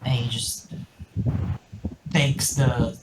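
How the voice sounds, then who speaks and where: A man playing a tabletop game, narrating his character's actions slowly and deliberately. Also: medium pitch, little pitch movement, background noise. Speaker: player.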